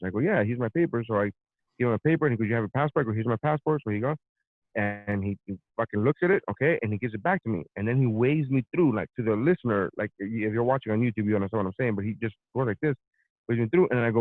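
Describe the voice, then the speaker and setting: A male comedian telling a long, profane travel story in loose conversation. He acts out each exchange and jumps in pitch and volume as he plays the people in it. The sound is dry and narrow, as if heard down a phone line. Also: racing, dry recording. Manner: profane, animated, acts out both sides of anecdotes. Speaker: podcast host, comedian. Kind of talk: casual storytelling chat.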